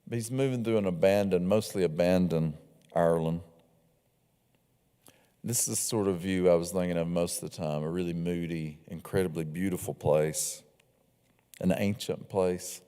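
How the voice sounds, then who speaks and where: A man's voice: low-pitched, moderate pace, clean tone. A man, an author, talking casually about his book and reading from it in a lecture hall, with a few fillers. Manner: relaxed and conversational, with fillers.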